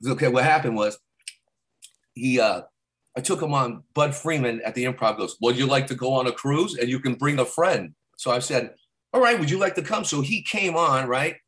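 A man's voice: medium pitch, normal speed. Man telling rambling comedy stories. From Arizona. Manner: rambling, slips into loud character voices for quotes. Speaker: stand-up comedian guest. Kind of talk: casual storytelling interview.

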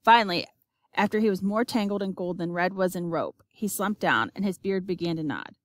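A woman giving an expressive, measured audiobook narration. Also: lowish voice, no room sound, studio quality.

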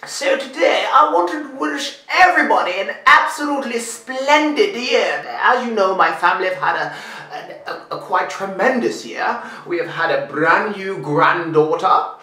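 A plummy, sing-song elderly queen, put on by a man in a high falsetto, bright and jaunty. The sound is roomy and a bit distant, with faint music underneath. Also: animated, unhurried, few pauses, full character voice. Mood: chirpy regal. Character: elderly, regal British queen, plummy and chirpy. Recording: roomy, from afar, music behind.

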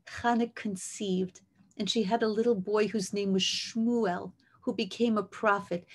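A woman delivering an inspirational religious talk, her voice a little high. She tells the story with passion and drops in Hebrew terms. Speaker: speaker, rebbetzin.

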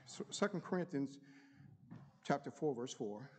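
A man's voice: a little high, a little mellow. Man preaching with rising emphasis in a reverberant church. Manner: reads scripture aloud with rising emphasis, pauses to find notes and apologizes. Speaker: deacon preaching. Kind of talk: sermon with scripture reading. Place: church sanctuary. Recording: long reverb of a church hall.

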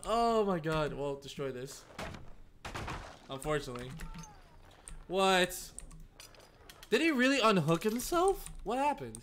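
A man streams a game with excitable live commentary, swearing and talking straight to the other players. His voice sits high and swings widely in pitch. He talks at an unhurried pace. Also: a little hiss or hum.

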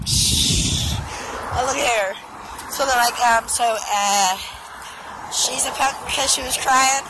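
A tipsy woman vlogging on her phone while walking outdoors, loud and profane, laughing often. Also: on the high side, takes it slowly, background noise. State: tipsy from drinking. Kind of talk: casual self-filmed vlog. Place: outdoors walking along a road.

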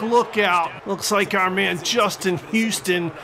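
A man giving excitable, jokey play-by-play commentary over a football video game. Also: high voice, unhurried, hardly any pauses, background noise. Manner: excitable and jokey, mock-announcer delivery. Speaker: gaming commentator.

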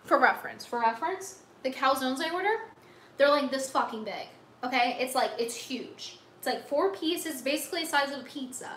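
A woman's voice: high voice, animated, moderate pace, fairly bright tone, echoey room, slight background noise. A young woman livestreamer ranting to her chat, exasperated, sarcastic and full of swearing.

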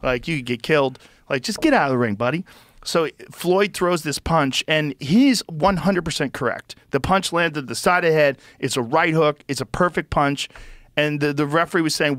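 A man hosting a podcast in casual chat, emphatic and swearing freely, loudly acting out the lines of the people he talks about. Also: a little high, expressive, fairly quick, dry recording. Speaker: podcast host.

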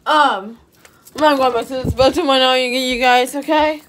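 A woman's voice: sits high, steady tone, moderate pace, fairly bright tone, far from the mic, a little hiss or hum. A young woman vlogging casually from her bedroom, rambling and repeating "you guys" over and over. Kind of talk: casual chat to camera.

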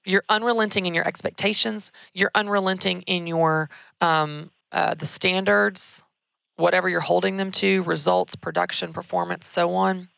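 A woman, hosting a casual advice talk in an energetic, emphatic way, repeating key words. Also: fairly low pitch, normal speed, vocal fry, dry recording, studio quality. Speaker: podcast host answering a listener question.

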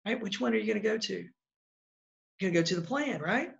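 Male real estate coach, blunt and chatty, gravelly voice, lo-fi sound. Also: sits high, animated, quick pace. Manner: blunt, conversational, acts out example calls. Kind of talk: casual coaching talk.

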